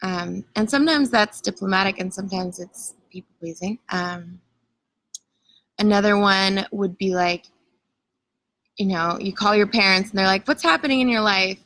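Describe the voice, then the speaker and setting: Bright, chatty woman coach. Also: mid-range voice, moderate pace, no room sound, poor audio. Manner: casual, chatty, filler-heavy with frequent "like"; greets viewers and reads comments aloud. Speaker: coach leading an online challenge. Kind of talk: live-stream coaching talk.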